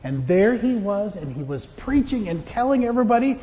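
A man's voice: high voice, very animated, normal speed, hardly any pauses, dark tone, in a large hall, muffled recording. A man giving a children's sermon as pastor, playful and joking with the kids. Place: church.

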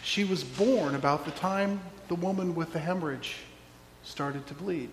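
A man's voice: a little high, unhurried. A man preaching a sermon, telling a story and acting out the voices in it, with wry asides. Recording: roomy hall with long echo, faint hum.

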